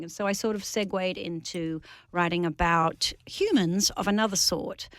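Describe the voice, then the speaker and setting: A woman's voice: lowish voice, steady tone, normal speed, no room sound. A woman with an Australian accent from Sydney, an author talking as a radio guest, articulate and conversational. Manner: articulate and conversational, explaining ideas at length. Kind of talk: radio interview. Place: radio studio.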